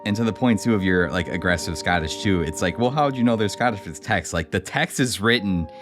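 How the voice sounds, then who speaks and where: A very deep-voiced man with a Midwestern accent chats casually as a podcast guest. He is laid-back and laughs easily, with faint music in the background. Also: fast. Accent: Midwestern American. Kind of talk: casual game chat.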